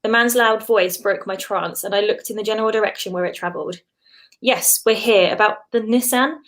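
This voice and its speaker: A woman, a guest author, reading a story aloud with a steady, clear storytelling delivery. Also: medium pitch, a little fast.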